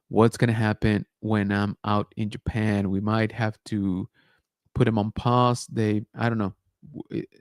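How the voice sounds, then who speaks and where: Male streamer, easygoing and chatty, average pitch, dry close-mic sound. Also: no room sound. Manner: relaxed, rambling, thanks viewers and reads chat. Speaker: channel host. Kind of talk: casual livestream sign-off chat.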